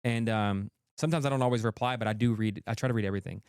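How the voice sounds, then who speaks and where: A man's voice: on the low side, darkish tone, clear, resonant tone, no echo, studio quality. A man, a content creator guest, talking earnestly in a casual interview with many restarts. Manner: quick, earnest, full of restarts.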